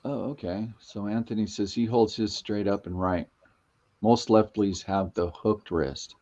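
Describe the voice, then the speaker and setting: A man's voice: fairly low pitch, steady tone, measured pace, warm tone. Middle-aged guy hosting a live stream, chatty storyteller, reads out chat, kinda lo-fi sound. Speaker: livestream host. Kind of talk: casual chat reading viewer comments. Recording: lo-fi livestream audio.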